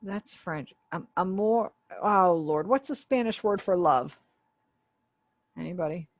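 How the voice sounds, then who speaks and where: The voice belongs to a woman who sits on the low side and speaks a little slowly, with no echo. As the ASL voice interpreter for a webinar teacher, she speaks for a sign language instructor in an online class. Her explanation goes step by step in a conversational manner, with small asides along the way.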